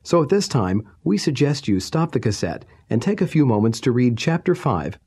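A male announcer with a husky voice reads a formal, scripted introduction. His pitch moves in a lively way as he works through the lines. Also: normal speed.

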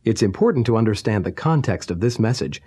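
A male announcer with a husky voice reads a formal, scripted introduction. His pitch moves in a lively way as he works through the lines. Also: quick pace.

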